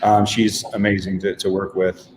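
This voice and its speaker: A man's voice: fairly low pitch, little pitch movement, moderate pace, slight background noise. A man, a stage actor, talking casually about his craft, with many ums and restarts. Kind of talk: casual chat. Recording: echoey room with long reverb.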